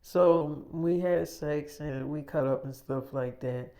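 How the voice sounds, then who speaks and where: A man's voice: a little high, slow pace, warm tone. A man casually narrating an improvised audio story, boastful and full of swearing.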